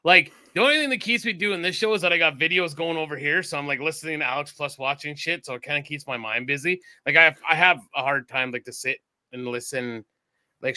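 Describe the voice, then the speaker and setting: A man from Texas co-hosts a casual podcast. His fairly high voice has a very bright, sharp edge. He rambles and swears freely as he chats. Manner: rambling, animated, swears a lot. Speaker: podcast co-host.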